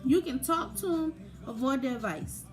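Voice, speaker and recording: A young woman with a high, lively voice talks at a moderate pace, offering informal advice on grief. She uses lots of fillers, and faint music plays in the background.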